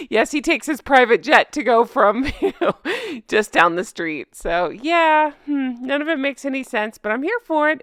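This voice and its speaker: A woman's voice: high-pitched, fairly bright tone, no room sound, studio quality. A woman hosting a casual commentary vlog, sarcastic and laughing often. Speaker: commentary channel host. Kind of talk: casual commentary vlog, reading news aloud.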